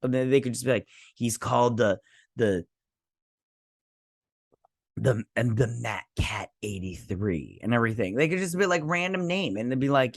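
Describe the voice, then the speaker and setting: A man hosting a casual episode recap, rambling, with loose asides and quick mock quotes of the characters. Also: medium pitch, animated, gravelly, dry recording, studio quality. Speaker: host.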